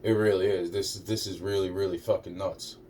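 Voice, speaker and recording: A man's voice: low-pitched, steady tone, brisk, mellow. Agitated, swearing man rambling from afar. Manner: agitated, repetitive, heavy swearing, trailing restarts. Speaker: vlogger. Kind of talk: rambling personal monologue. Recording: distant mic with faint background noise.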